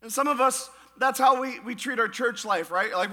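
High, bright-voiced pastor preaching. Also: male voice, lively intonation, normal speed, few pauses. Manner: preaching with rising shouts and sung lines. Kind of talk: sermon. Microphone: church podcast recording of a live sermon.

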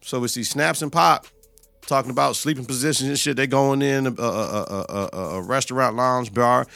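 A man's voice: medium pitch, normal speed, creaky, pushed and bright, no room sound, soft background music. A man hosting a podcast, recapping a TV episode in a casual, profane, slang-heavy way. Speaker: podcast host.

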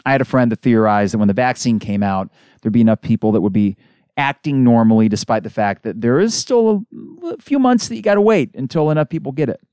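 A man hosting a solo sports podcast, ranting in an exasperated, animated way. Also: medium pitch, fast, clean tone, no echo, clean studio sound. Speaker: podcast host.

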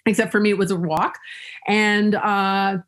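A woman appears as a guest in an interview, telling personal stories in an upbeat, humorous way and laughing often. Her voice sits at medium pitch with little pitch movement, and her delivery is unhurried with a fairly bright tone.

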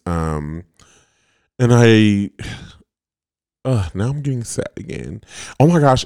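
A man's voice: sits low, darkish tone, smooth, no echo, studio quality. A man in his late twenties, a podcast host, telling a rambling, profane story in a casual way with lots of "like" fillers.

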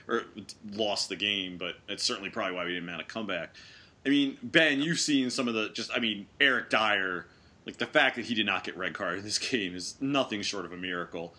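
A man hosting a casual sports chat podcast with a bright, forceful voice pitched a little low. He talks in an animated, sarcastic way, full of quick asides. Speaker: podcast host.

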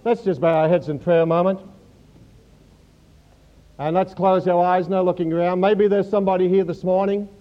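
A man preaching a sermon, animated and joking with the congregation. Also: sits high, normal speed, pauses often, lo-fi sound. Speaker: pastor.

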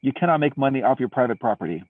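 Podcast guy calling in from outside, tinny far-off line, kinda husky, gets worked up explaining stuff. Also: medium pitch, lively intonation, rapid-fire, no room sound. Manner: indignant, explains at length. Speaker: podcast co-host. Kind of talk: casual political chat. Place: outdoors at night with crickets. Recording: tinny distant phone-like remote line.

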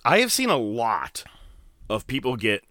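A man's voice: medium pitch, a little slow. A man co-hosting a podcast, trading jokey, profane commentary on wrestling. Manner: animated, jokey commentary with swearing. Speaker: podcast co-host. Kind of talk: casual wrestling banter.

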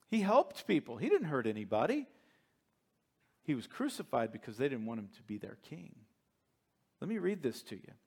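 Preacher with a higher man's voice. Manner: dramatic scripture reading, swings from hushed to emphatic. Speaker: pastor. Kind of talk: sermon.

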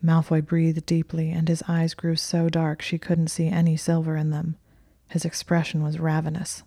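Low flat whispering female narrator. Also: vocal fry, no room sound, studio quality. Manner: slow, hushed and even.

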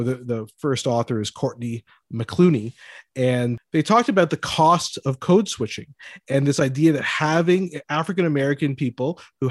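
Measured man, dry close sound. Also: medium pitch, dry recording. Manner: measured, explains points by citing research. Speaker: podcast co-host. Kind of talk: casual podcast chat.

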